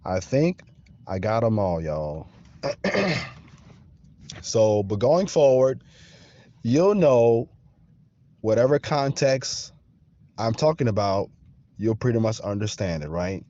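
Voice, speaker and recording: A man's voice: lowish voice, expressive, dark tone, no echo, highs cut off. A man hosting a podcast in a casual monologue, keeps checking in with the listener. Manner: slow, checks in with the listener often. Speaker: podcast host.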